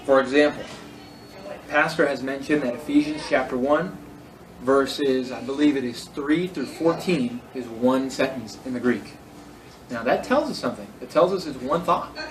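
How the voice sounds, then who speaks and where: A man's voice: mid-range voice, recorded from a distance, poor audio. Casual man teaching a Greek class. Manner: casual, self-correcting, spells words out. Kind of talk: classroom lecture.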